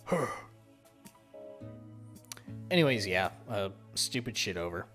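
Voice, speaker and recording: A man's voice: on the low side, lively intonation, normal speed, pauses often, fairly bright tone, faint music behind. A young man from the Southern US, with no Southern accent, hosting a casual let's-play, ranting and swearing freely and poking fun at himself. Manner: profane, ranting, self-mocking. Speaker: gaming channel host.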